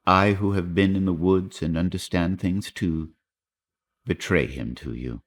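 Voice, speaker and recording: A grave young fisherman speaks with slow, earnest weight, as a man reads him in an audiobook. The voice sits very low and deep. Each halting sentence lands like a solemn admission. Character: grave young male Italian fisher lad. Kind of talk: audiobook reading.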